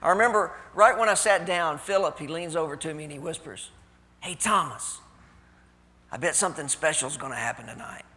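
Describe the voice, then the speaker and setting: An actor playing a doubtful, reflective apostle in a live church skit, telling the story with hesitant pauses. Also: male voice, on the high side, sharp tone. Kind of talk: live stage skit monologue. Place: church stage. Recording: reverberant church hall.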